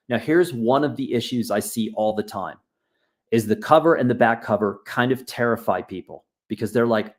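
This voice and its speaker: A man leading a live online bookmaking workshop, walking viewers through software in a loose, chatty, encouraging way while he clicks around. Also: fairly low pitch, steady tone, moderate pace. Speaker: workshop instructor. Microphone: video call.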